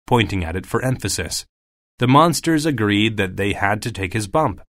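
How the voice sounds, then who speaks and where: A man reading a folk tale aloud as scripted narration, with an expressive delivery. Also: on the low side, moderate pace, no room sound, studio quality. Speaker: storyteller.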